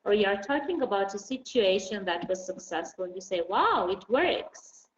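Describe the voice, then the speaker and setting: A woman teaching an online English lesson. She explains patiently and slowly, with many fillers. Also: medium pitch, expressive. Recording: dull roomy recording, faint noise.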